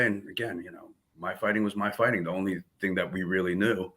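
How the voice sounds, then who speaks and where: Low-voiced Jersey-accented man telling stories. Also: steady tone, fast, hardly any pauses, a bit bright. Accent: New Jersey. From Philippines. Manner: laid-back, laughing, acts out quoted dialogue. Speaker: guest martial arts instructor. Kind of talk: casual storytelling interview.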